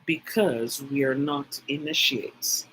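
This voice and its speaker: A woman's voice: extremely low pitch, slow pace, fairly bright tone, slight background noise, low-quality recording. A woman giving a livestreamed spiritual teaching talk. She speaks emphatically, repeats phrases for stress and speaks directly to her live chat viewers.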